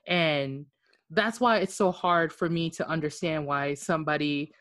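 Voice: mid-range voice, unhurried, a bit bright. A podcast co-host in casual chat, talking earnestly and rambling with many fillers.

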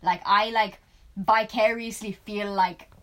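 Animated woman telling stories. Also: medium pitch, slow pace. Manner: animated storytelling, laughs a lot, gets loud when excited. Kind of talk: casual chat.

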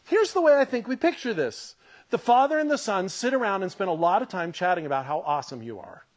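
A man's voice: sits high, lively intonation, fast. A man preaching a podcast sermon in a conversational, emphatic way, repeating his points and laughing often. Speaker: pastor.

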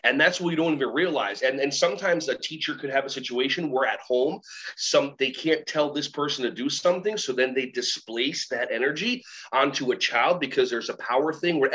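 Lively storytelling man, muffled sound. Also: medium pitch. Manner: animated, acts out quoted voices of kids and teachers. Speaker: guest, workshop trainer and keynote speaker. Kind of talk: storytelling interview talk. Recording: slightly muffled recording.

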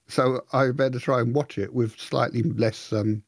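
A man co-hosting a podcast, his voice a little husky and breathy. He rambles through his thoughts in casual chat, poking fun at himself and acting out what went through his head. The sound is dry and close. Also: medium pitch, normal speed, no room sound. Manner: rambling, self-mocking, acts out his own thoughts. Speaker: podcast co-host.

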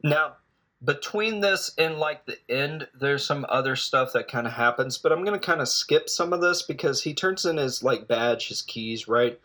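A man's voice: fairly high pitch, expressive, moderate pace, sharp tone. A man recapping a foreign film in a rambling, jokey way with lots of asides. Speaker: film reviewer.

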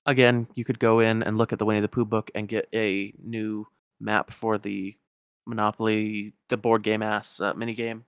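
A man's voice: lowish voice, flat delivery, moderate pace, smooth, no room sound, studio quality. A man casually retelling a game's story, rambling and correcting himself as he goes.

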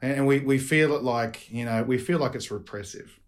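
A man's voice: mid-range voice, normal speed. Australian priest addressing his friends. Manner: earnest, addresses listeners as friends. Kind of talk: podcast guest chat and closing prayer.

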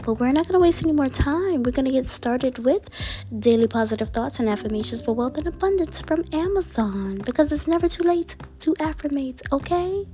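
A woman's voice: high-pitched, expressive, dark tone. A woman reading out affirmation cards in a casual, playful vlog, drawing words out and dropping into whispered asides. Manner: playful, drawn-out delivery that drops into whispers. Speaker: affirmation card reader.

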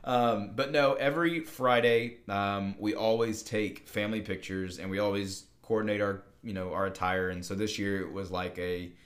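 A man's voice: on the low side, fairly even intonation, moderate pace, hardly any pauses. A young man co-hosting a podcast, casually telling a long story with many fillers and restarts. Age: young adult. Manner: rambling, full of fillers and restarts. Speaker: podcast co-host.

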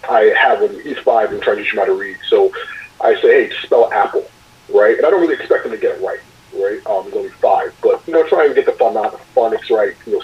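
Husky young father on a distant mic. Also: fairly low pitch, muffled recording. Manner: rambling, many fillers. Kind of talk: casual group chat.

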